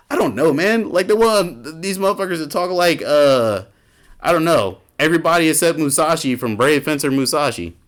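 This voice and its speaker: A man's voice: a little high, animated, moderate pace, a bit bright. A man doing a casual reaction commentary as a gaming YouTuber, ranting and swearing in an exasperated way.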